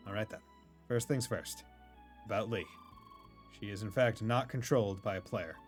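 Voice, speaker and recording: A man's voice: fairly low pitch, normal speed, soft background music, lightly acted. A man voicing a formal, secretive man who speaks stiffly and carefully.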